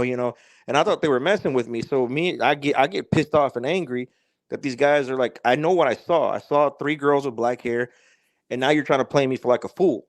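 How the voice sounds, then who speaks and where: A man's voice: mid-range voice, brisk, no room sound. A man telling a story as a podcast guest in a loose, rambling way, with lots of fillers and swearing. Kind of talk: casual storytelling.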